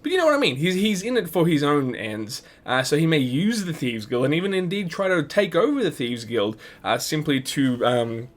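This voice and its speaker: A man's voice: fairly high pitch, sing-song, normal speed, hardly any pauses. A man hosting a let's play, giving chatty, rambling gameplay commentary full of restarts and laughs. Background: game music.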